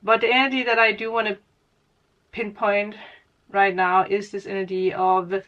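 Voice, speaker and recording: A woman's voice: mid-range voice, little pitch movement, moderate pace, a bit bright, highs cut off. A woman giving a casual spiritual reading as a tarot reader, rambling, laughing often and correcting her own words. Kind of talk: casual spiritual guidance monologue.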